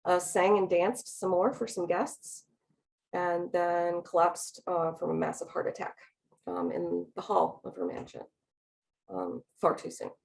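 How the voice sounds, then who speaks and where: A woman giving an academic talk about slides, speaking quickly with many ums and restarts. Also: on the low side, fairly even intonation, gravelly, a little mellow, poor audio. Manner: speaks fast. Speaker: lecturer.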